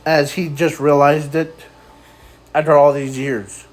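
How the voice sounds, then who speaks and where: A man improvising a fan story aloud in a rambling, halting way, often trailing off. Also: fairly high pitch, flat delivery, poor audio.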